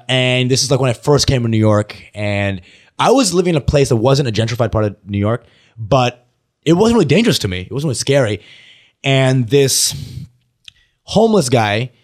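Laughing, animated male comedian storyteller. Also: mid-range voice. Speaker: stand-up comedian telling stories. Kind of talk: casual podcast chat.

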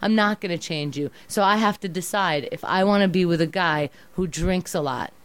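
A woman arguing with her boyfriend in a heated back-and-forth, exasperated and sometimes mocking. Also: fairly low pitch. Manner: exasperated, rapid-fire, mocking impressions. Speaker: girlfriend in a couple's argument. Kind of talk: heated couple argument.

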